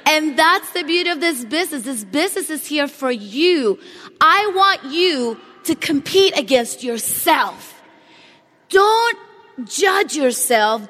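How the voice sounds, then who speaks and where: A woman giving an energetic motivational speech on stage, talking straight to the audience and asking them questions. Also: high voice. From Latin America. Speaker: motivational speaker at a company event. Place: large hall on stage. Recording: long hall reverb.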